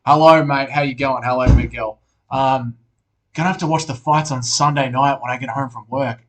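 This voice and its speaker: Young Australian male streamer, relaxed casual chat host, sweary and matey. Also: mid-range voice, moderate pace. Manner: laid-back, swears often, calls viewers mate.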